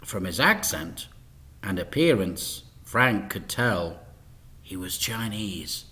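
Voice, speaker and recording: A male teacher reading a children's book aloud, expressive and sometimes dropping to a whisper. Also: sits low, takes it slowly. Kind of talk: storybook read-aloud.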